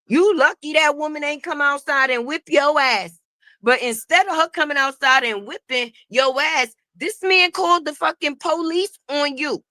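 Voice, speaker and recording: A woman hosting a casual gossip commentary stream, profane and animated, talking straight to her viewers. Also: high-pitched, measured pace, dry recording, studio quality. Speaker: host.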